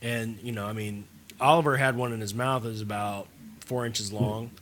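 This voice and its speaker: A man co-hosting a radio chat, talking in a relaxed, rambling way. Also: lowish voice, normal speed. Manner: relaxed, rambling, lots of fillers. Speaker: radio show co-host. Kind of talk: casual chat.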